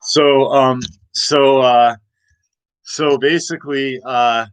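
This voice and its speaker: A man's voice: mid-range voice, steady tone, slow, clean tone, dry recording, low-quality recording. Rambling emphatic man, dry sound. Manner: rambling and emphatic, many restarts. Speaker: livestream host. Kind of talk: casual political rant. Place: home room.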